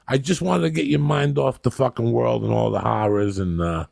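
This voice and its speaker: A man's voice: medium pitch, moderate pace, creaky, darkish tone, no room sound, clean studio sound. A man in his fifties telling rambling, profane stories in a casual podcast chat. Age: 50s. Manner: rambling, profane, laughing storyteller. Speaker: podcast host.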